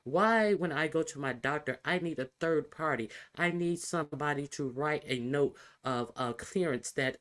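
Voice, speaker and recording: A man hosting a casual reaction commentary, halting, with many fillers and restarts. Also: fairly high pitch, a bit bright. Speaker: commentary video host.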